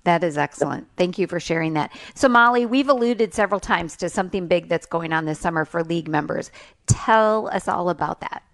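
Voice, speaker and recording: Low-voiced female radio co-host. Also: fairly quick. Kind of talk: radio interview.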